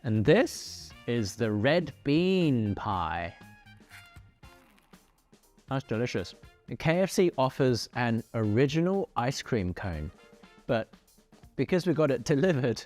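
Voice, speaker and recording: Man, food show host, playful, animated pitch, faint background music. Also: slow pace, long pauses. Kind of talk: casual food review narration.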